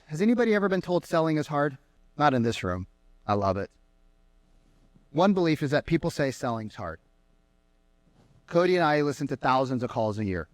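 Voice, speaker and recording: A man speaking as a sales trainer to a live audience, energetic and mocking as he acts out callers. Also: medium pitch, dry recording. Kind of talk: keynote talk to a live audience. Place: conference room with an audience.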